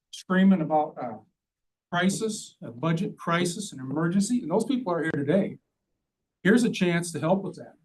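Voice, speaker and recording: A man's voice: sits high, a little mellow. A man giving blunt, argumentative public testimony at a county hearing. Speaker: public commenter. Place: county meeting room. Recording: distant mic, faint room noise.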